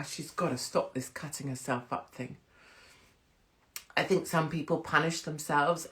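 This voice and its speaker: Blunt, chatty English woman host. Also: very deep voice. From England. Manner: blunt, chatty, swears freely. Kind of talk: casual chat, livestream monologue. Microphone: phone.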